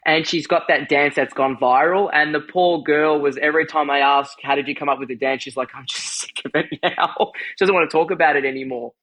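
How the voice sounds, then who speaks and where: A podcast co-host of European family background talks fairly quickly with few pauses, in a slightly high, somewhat bright voice with fairly even intonation. In casual conversation he tells stories animatedly, acts out quotes, and laughs often.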